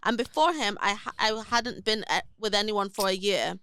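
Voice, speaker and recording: A young woman on a podcast, reading a listener's email aloud in an earnest, measured way. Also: medium pitch, a bit bright, smooth, no echo, clean studio sound. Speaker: podcast co-host.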